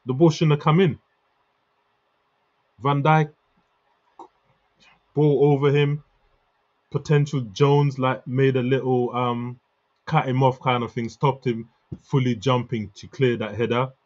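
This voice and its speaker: A man's voice: medium pitch, flat delivery, slow, pauses often, darkish tone, dull audio. A man hosting a fan channel, venting in an emotional post-match rant full of slang. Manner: venting, slangy, restless, repeats himself. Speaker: football fan channel host.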